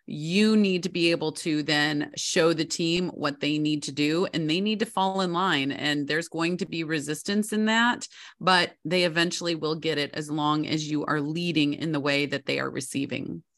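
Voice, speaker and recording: Brief: woman, middle-aged, low register, assured instructive podcast guest. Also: moderate pace, fairly bright tone. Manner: confident, instructive, often adds "right?". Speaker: parenting guest expert. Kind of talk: podcast interview advice.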